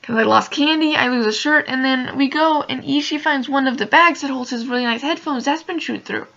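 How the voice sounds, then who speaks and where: Young woman vlogger, upset and near tears, rambling, fry-heavy bright voice, muffled lo-fi audio. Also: sits high, brisk. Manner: emotional, rambling, many "like" fillers. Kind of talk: casual storytelling vlog.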